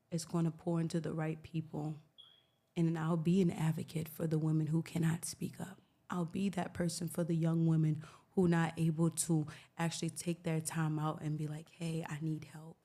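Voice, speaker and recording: A woman's voice: fairly low pitch, dark tone. A woman on a podcast speaking in an earnest, reflective way about faith and purpose. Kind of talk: casual podcast talk.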